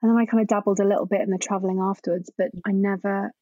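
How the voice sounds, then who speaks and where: A woman's voice: mid-range voice, rapid-fire, no echo, muffled recording. A middle-aged woman from England, a grief and drama therapist, telling her own story frankly and expressively as a podcast guest. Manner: frank, expressive, swears casually. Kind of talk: candid conversational storytelling.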